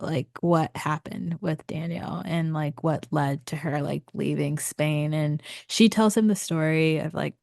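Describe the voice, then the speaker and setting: A woman co-hosting a book podcast in a casual, conversational way. Her low voice has a gravelly fry, and the sound is dry and close with no room echo. She fills her summaries with easy fillers. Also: a little mellow. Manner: conversational, frequent fillers and quick agreement. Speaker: podcast co-host. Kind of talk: casual book recap chat.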